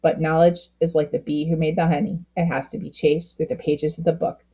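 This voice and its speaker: A woman voicing a shy young schoolgirl in a read-aloud storybook, in a plain, steady way. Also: low-pitched, brisk, breathy edge. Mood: wistful.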